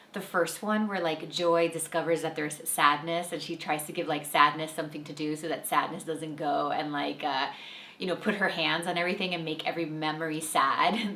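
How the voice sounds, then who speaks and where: A woman hosting a casual spiritual talk, chatty and animated, filling her speech with "like" and acting out the voices she quotes. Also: low-pitched, reverberant. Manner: chatty, uses "like" constantly, animated quoting. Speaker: podcast host and intuitive guide.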